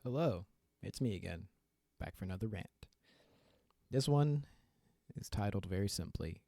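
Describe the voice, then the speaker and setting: A man's voice: on the low side, normal speed, vocal fry, warm tone, dry recording. A young adult man hosting his own podcast, talking candidly and with self-deprecating humor in a solo rant, often breaking into laughter. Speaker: podcast host.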